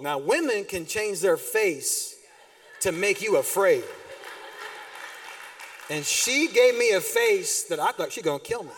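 A middle-aged man preaching a sermon as pastor, telling animated stories with sudden loud bursts and quiet drops. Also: high-pitched, measured pace, long pauses. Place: church sanctuary. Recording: distant mic in a reverberant church hall.

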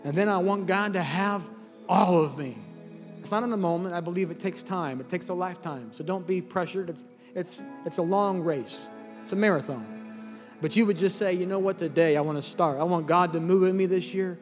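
A man's voice: high voice, a little fast. A man preaching as a pastor, telling a story and leading an altar call, impassioned and at times almost singing his words. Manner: impassioned, rising to near-singing fervor. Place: large church hall with congregation. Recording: long hall reverb with soft music and crowd.

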